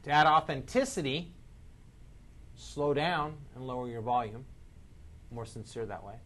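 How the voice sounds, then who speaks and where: A man of middle pitch runs a live sales training session in front of a group. He talks with energy, keeps firing questions at the room, and pushes his pace and volume up or down to land each point. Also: a little slow, slight background noise. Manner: energetic, quizzes the audience, shifts speed and loudness for emphasis.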